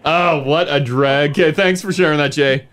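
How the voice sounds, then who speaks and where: A man's voice: a little high, a crowd in the background. Upbeat man co-hosting a morning show. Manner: upbeat, joking, quick to laugh. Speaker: radio show co-host. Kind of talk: casual morning show chat.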